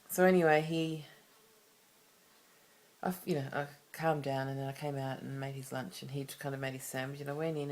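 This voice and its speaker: An Australian vlogger talks to the camera in a low voice, confiding personal things in a confessional style. Her speech is candid and wandering, with lots of restarted sentences and asides that loop back.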